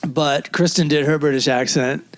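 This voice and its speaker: A man hosting a comedy podcast with a slightly high voice, talking in a loose, chatty way. He swears freely and laughs often as he tells stories. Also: steady tone, moderate pace. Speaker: podcast co-host; stand-up comedian. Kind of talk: casual chat.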